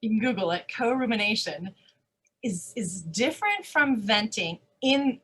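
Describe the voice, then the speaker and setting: Woman speaker in live Q&A; fairly high voice, emphatic, rhetorical, self-correcting. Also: a little slow, slightly rough. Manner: animated, emphatic, rhetorical questions, many restarts. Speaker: conference speaker. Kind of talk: live Q&A answers.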